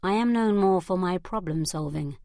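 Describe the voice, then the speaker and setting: A woman's voice: fairly low pitch, moderate pace, warm tone, dry recording, studio quality, lightly acted. A woman voicing a cautious, courteous young English groom in an audiobook. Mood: wary, courteous.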